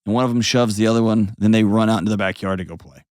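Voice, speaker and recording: A man's voice: fairly low pitch, fairly even intonation, rapid-fire, a little mellow, clear, resonant tone, dry recording, clean studio sound. A man hosting an advice call-in show, talking bluntly and painting vivid scenes as he coaches a caller. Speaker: host.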